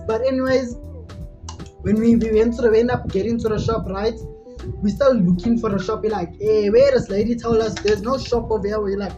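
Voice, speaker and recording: Girl rambling a story, kinda high voice, muffled audio w faint music behind. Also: darkish tone. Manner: rambling, laughing often, many "like" fillers. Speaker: vlogger. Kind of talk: casual storytime chat.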